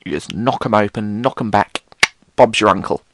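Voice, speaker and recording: A man's voice: lowish voice, moderate pace, noisy background. A British man hosting a solo podcast, rambling casually and theatrically, swearing often. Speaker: podcast host.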